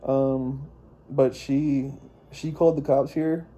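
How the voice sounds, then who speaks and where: A young man with a very dark, mellow voice rambles through a personal story. He swears freely and keeps restarting his sentences as he talks. His pitch sits in a middling range for a man. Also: flat delivery, takes it slowly, lo-fi sound. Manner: profane, meandering, frequent restarts and fillers. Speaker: vlogger.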